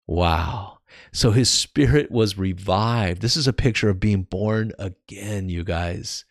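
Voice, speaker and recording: Enthusiastic male Bible teacher, low voice, dry close sound, exclamatory and friendly to his listeners. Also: slow pace, no echo. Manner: enthusiastic, exclamatory, addresses listeners as "you guys".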